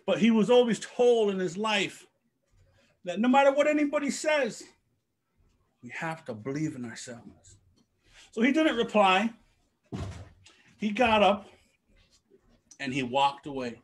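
A male storyteller with a high, lively voice that swoops widely as he tells a traditional tale. He takes his time and acts out the story with spoken sound effects. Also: slow, pauses often. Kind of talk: oral storytelling for young people.

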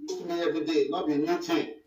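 A man's voice: on the high side, fairly even intonation, quick pace, warm tone. A Nigerian man telling his own story in a boastful, self-justifying way. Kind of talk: personal story told to camera. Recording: dull, roomy clip from a distance.

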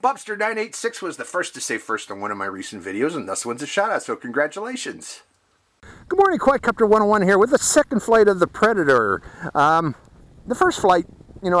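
A man's voice: fairly high pitch, fairly bright tone, low-quality recording. Folksy man narrating a drone flight. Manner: chatty, folksy, addresses viewers as folks. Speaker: RC hobby video host. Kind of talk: casual flight-test commentary. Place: outdoors at a flying field.

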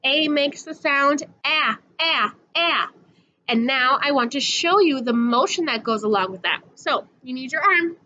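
Woman, high bright voice, slow patient phonics lesson, sing-song, slightly dull recording. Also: animated, slight background noise. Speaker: teacher.

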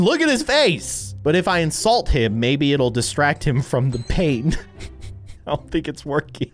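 A young man giving jokey gameplay commentary, playful, jumping between loud exclamations and quiet asides. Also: medium pitch. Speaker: gaming YouTuber. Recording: game music faintly behind.

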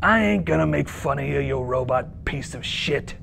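An actor playing a crude, brash, teasing spaceship pilot in a comedy sketch. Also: male voice, mid-range voice, lively intonation, moderate pace, creaky, fairly bright tone, faint music behind.

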